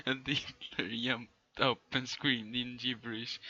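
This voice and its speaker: A man streaming, reading fan fiction aloud in a deadpan way and often breaking into laughter. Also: mid-range voice, slow, few pauses, dull audio.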